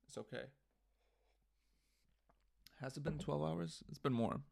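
A fairly high, creaky male voice with a darkish tone, at normal speed, belongs to a young podcast host ranting in a relaxed comedic monologue. He swears and chuckles at himself, picked up by a studio mic through an audio interface.

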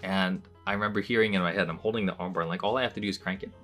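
A young man hosting a podcast, telling a personal story in a casual, chatty way, with lots of fillers and bursts of excitement as he relives moments. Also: low voice, very fast, soft background music. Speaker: podcast host.

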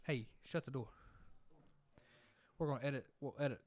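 A man's voice: medium pitch, moderate pace, dry recording. A man with a Southern US accent, co-hosting a casual podcast in a laid-back, profane, drawling way. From Southern United States. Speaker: podcast co-host.

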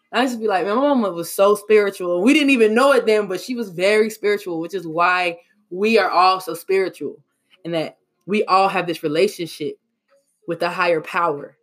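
A man's voice: fairly high pitch, a bit bright. Emotional man speaking from the heart. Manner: emotional, reflective, slangy, with sighs and restarts. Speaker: vlogger. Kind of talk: casual heartfelt monologue.

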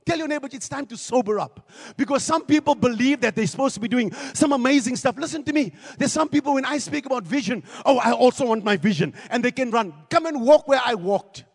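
A man preaching a sermon as pastor, animated, with repeated phrases and acted-out quotes. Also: extremely high pitch, fast talker, hardly any pauses, breathy edge, big-room sound.

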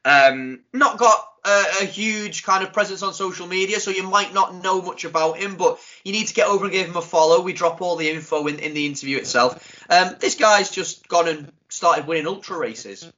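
Jokey male podcast host, bright forceful voice, lo-fi recording. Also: high-pitched, normal speed. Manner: jokey, animated banter. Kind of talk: casual podcast chat. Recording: dull lo-fi sound.

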